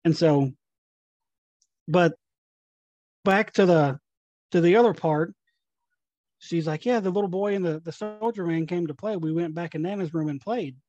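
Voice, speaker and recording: A young man from Tennessee, a paranormal investigator, telling ghost stories in a casual, animated way and acting out the dialogue. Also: a little high, no room sound, lo-fi sound. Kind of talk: casual storytelling.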